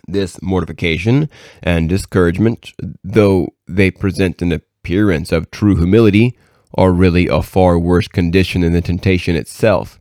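A man with a very low voice reads a devotional book aloud in a measured, earnest way. The recording is dry and close, with no room sound. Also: fairly even intonation, a little mellow, dry recording. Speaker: reader.

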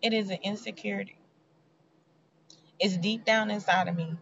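A woman's voice: medium pitch, fairly even intonation, moderate pace, a bit bright, a little hiss or hum. A woman, giving a heartfelt, preachy motivational faith talk in a conversational way. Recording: dull lo-fi sound.

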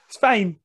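A Scottish man co-hosting a podcast, bantering casually, laughing often and swearing freely. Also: fairly bright tone. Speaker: podcast co-host.

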